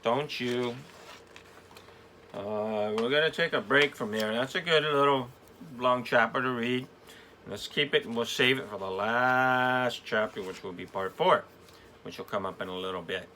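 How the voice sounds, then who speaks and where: A man's voice: mid-range voice, moderate pace, bright, forceful tone, slight background noise. A man reading a children's storybook aloud as host, with chatty asides about the pictures.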